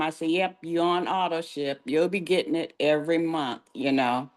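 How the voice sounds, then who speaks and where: A woman's voice: sits low, normal speed. A grandmother telling a chatty personal story on a video call, laughing now and then. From California. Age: older. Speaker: caller sharing a testimonial. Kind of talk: casual storytelling.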